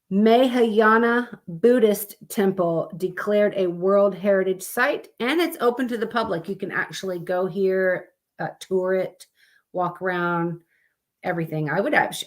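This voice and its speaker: A woman hosting a live stream, chatting casually and rambling as she looks through pictures. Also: medium pitch. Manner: chatty, rambling, with fillers and self-corrections.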